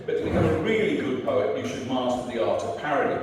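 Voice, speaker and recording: A man's voice: medium pitch, very animated, fast, a little mellow, a little hiss or hum. A middle-aged man from North Essex reading his poems at an open mic, with chatty asides and a rhythmic, punchy recital. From North Essex, England. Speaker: poet. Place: live venue hall. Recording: echoey hall, voice from far off.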